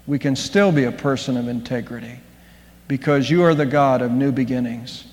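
A pastor praying in an echoey hall. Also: male voice, medium pitch, a little mellow. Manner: halting, with restarts and fillers. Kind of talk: pulpit prayer and sermon.

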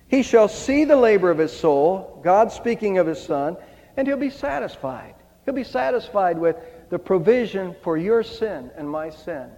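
A man's voice: fairly high pitch, warm tone. An older man preaching an Easter sermon, reading scripture aloud with emphasis. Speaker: pastor. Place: church sanctuary. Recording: dull sound with long hall reverb.

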